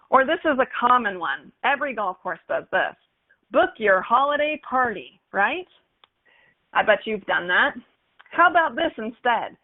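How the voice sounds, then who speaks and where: A woman with a fairly high voice teaches in an upbeat, animated way. She acts out playful examples as she explains. The sound is thin and narrow, like it came down a phone line. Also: moderate pace. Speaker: marketing instructor for golf courses. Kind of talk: webinar lesson on copywriting.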